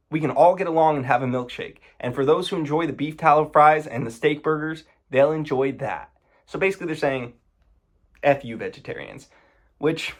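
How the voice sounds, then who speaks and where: A man giving casual commentary, sarcastic and indignant, often breaking into exasperated outbursts. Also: medium pitch.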